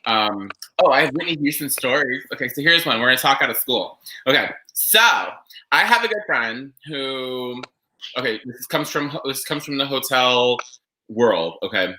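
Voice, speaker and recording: A man hosting a casual chat podcast, telling stories in a rambling, animated way. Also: medium pitch, moderate pace, poor audio. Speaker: podcast host.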